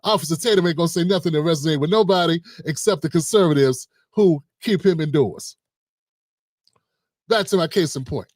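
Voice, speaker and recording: A man's voice: a little high, a little fast, darkish tone, no room sound, studio quality. A middle-aged man hosting a livestream, slangy and joking, talking animatedly to his viewers. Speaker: host. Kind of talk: livestream commentary.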